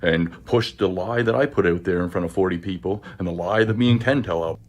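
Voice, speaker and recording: A man's voice: deep voice, fairly quick. A man ranting angrily in a clip, hurling profane accusations at rivals. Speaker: rival streamer in a played clip. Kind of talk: angry rant.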